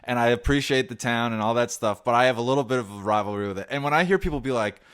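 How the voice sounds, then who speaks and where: A man from New Jersey hosting a podcast, telling rambling, animated stories with frequent restarts. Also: mid-range voice, racing, smooth. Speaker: podcast host. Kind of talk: casual chat.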